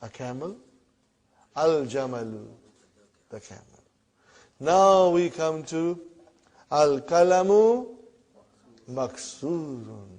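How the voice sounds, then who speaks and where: A man teaching a classroom Arabic lesson in English, repeating words slowly and checking in with the students as he goes. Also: a little high, lively intonation, a little mellow. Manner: repeats words slowly, often asks "huh?" and "brother".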